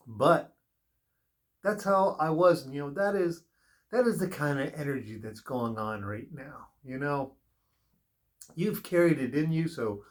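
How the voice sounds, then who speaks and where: A man giving a spiritual tarot reading in an earnest, rambling, advice-giving way, drifting into personal stories. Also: a little high. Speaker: tarot reader.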